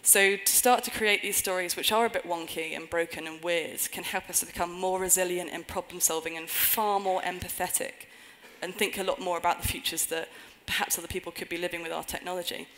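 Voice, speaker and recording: Woman speaker, lowish voice, earnest conference talk with dry jokes thrown in. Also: steady tone, fairly quick, hardly any pauses, fairly bright tone, rough recording. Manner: earnest, with wry humorous asides. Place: conference stage before an audience.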